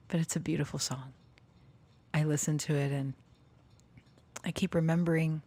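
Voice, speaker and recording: A woman speaking emotionally in a casual personal talk, nervous and close to tears, laughing softly between thoughts. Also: low-pitched, fairly even intonation, normal speed, long pauses. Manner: sings and half-whispers song lyrics. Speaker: channeler and storyteller.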